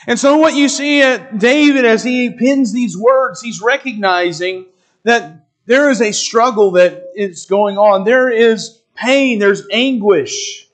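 A man preaching an expository sermon in a measured, deliberate teaching manner, reading scripture aloud. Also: extremely high pitch.

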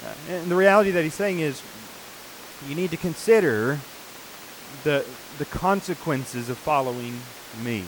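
A man's voice: a little high, measured pace, slight background noise, rough recording. A man preaching a sermon, earnestly explaining scripture passages in a teaching manner.

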